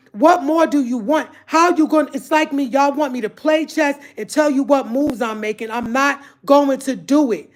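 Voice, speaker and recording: A woman rants straight to her viewers in a high voice. She sounds exasperated and keeps circling back to the same points, calling her audience y'all. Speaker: vlogger. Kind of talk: emotional direct-to-camera rant.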